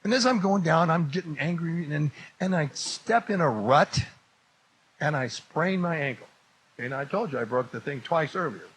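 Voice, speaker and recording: A man telling a comic story to an audience, acting out every exchange and rising to shouts as it builds. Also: a little high, normal speed, breathy edge, poor audio. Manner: animated, acts out the dialogue, voice rising to shouts at the climax.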